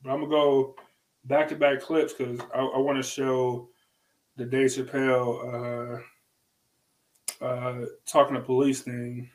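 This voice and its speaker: A man's voice: mid-range voice, level tone, unhurried, pauses often, low-quality recording. A man co-hosting a podcast in casual chat, loose and repetitive, full of fillers. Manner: loose, repeats phrases, lots of fillers. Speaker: podcast co-host.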